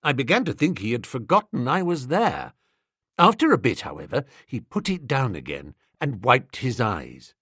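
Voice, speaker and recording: A man narrating an audiobook in a breezy, expressive first-person storytelling manner. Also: medium pitch, normal speed, husky, no room sound, clean studio sound.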